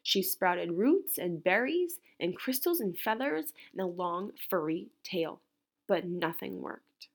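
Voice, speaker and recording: A woman teacher reading a picture book aloud to a class, an expressive storyteller. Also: on the low side, slow.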